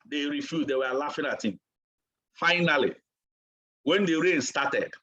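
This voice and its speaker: Guy preaching at a training, high bright voice, hammers every point. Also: lively intonation, normal speed, long pauses, rough recording. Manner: emphatic and repetitive, asks for water mid-talk. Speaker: trainer and speaker. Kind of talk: motivational training talk delivered like a sermon.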